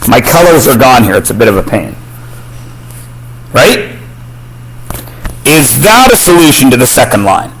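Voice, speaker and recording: A man's voice: medium pitch, very animated, measured pace, pauses often, a bit bright, a little hiss or hum, low-quality recording. A man teaching a math class, quizzing students and cracking jokes. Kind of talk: classroom lesson.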